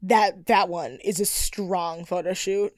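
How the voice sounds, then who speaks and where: A woman co-hosting a podcast, recapping a reality show in casual, animated chat, swearing and laughing often. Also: lowish voice, takes it slowly, no room sound, clean studio sound. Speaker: podcast co-host.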